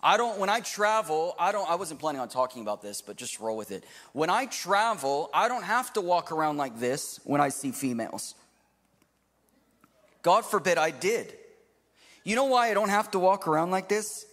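A man in his thirties preaching a sermon to a live congregation, swinging from loud to hushed. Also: sits high, big pitch swings, normal speed, long reverb tail. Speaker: pastor. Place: church hall with live audience.

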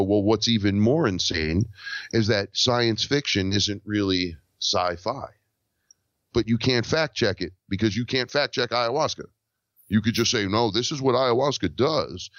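A man's voice: fairly low pitch, no room sound. A man telling a story in casual conversation as a podcast guest, acting out the lines of the people in it. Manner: animated, acts out quoted dialogue. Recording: dull lo-fi dry recording.

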